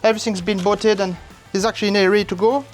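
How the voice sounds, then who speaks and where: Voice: mid-range voice, rapid-fire. Playful pitmaster with faint music behind. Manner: playful, with silly asides and sing-song exclamations; relaxed step-by-step explaining. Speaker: barbecue cook and channel host. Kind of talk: casual cooking demonstration. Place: outdoors at a large smoker.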